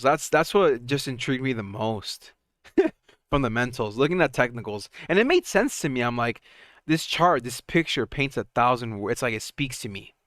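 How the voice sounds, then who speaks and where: A young man hosting a casual live stock market stream, chatty and excitable, often laughing and restarting his sentences. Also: mid-range voice, dry recording, clean studio sound. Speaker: stock market livestream host.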